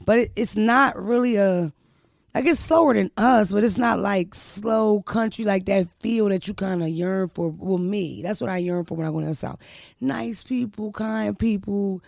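A woman comedian from Philadelphia hosting her podcast, with loud, profane, animated banter. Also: medium pitch, moderate pace, creaky, no echo, clean studio sound. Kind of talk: casual podcast chat.

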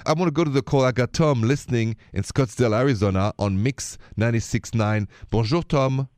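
A man hosting a call-in radio talk show, giving advice in an emphatic, forceful way. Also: mid-range voice, brisk, no echo, studio quality. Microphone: studio microphone.

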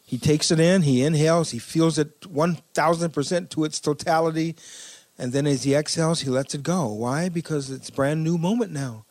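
A man co-hosting a podcast, talking in a calm, reflective way and laughing softly now and then. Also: on the high side, normal speed, no echo. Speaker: podcast co-host. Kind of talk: relaxed conversational chat.

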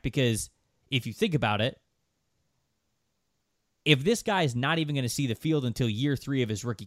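A man's voice: medium pitch, a bit bright, no room sound, studio quality. A man co-hosting a casual sports podcast, making emphatic points and firing rhetorical questions. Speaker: podcast co-host.

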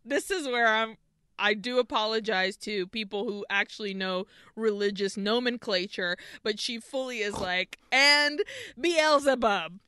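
A woman co-hosting a podcast, recapping a horror film in an animated, profane way with lots of laughter. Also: mid-range voice, moderate pace, smooth, no echo. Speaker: podcast co-host. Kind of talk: casual film recap chat.

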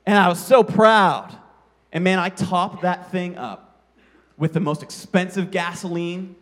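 Pastor, man, high tenor voice, animated self-mocking storyteller preaching a sermon. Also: unhurried.

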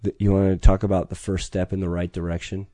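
A man's voice: sits low, little pitch movement, fast, warm tone, no echo. A middle-aged man, telling a story in conversation with intense, profane urgency. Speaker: podcast guest.

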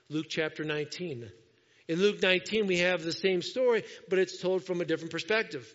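A man preaching a sermon as pastor to his church, lively and acting out the people he talks about. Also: a little high. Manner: animated, acts out quoted voices. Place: church sanctuary. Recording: dull lo-fi sound with long hall reverb.

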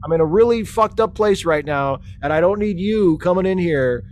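A man's voice: high voice, expressive, moderate pace. A man playing a grieving, frustrated young man who rambles with many fillers in a comedic audio drama.

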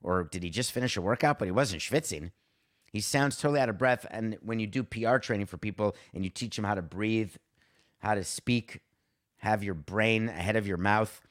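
Indignant sarcastic sports podcast host. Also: male voice, on the low side. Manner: indignant, sarcastic, rapid rants with rising rhetorical questions. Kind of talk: sports talk monologue.

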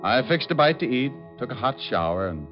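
An actor playing a wisecracking private detective who narrates in a wry, laid-back way, in 1940s radio acting from a muffled old broadcast. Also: male voice, mid-range voice, big pitch swings, brisk, loud music behind the voice, natural voice. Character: wisecracking male private eye.

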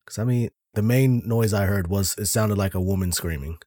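A man with a warm, mellow voice chats easily on a podcast, laid-back and slangy. The recording is dry and close. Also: fairly low pitch, moderate pace, no echo. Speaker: podcast co-host. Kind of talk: casual podcast chat.

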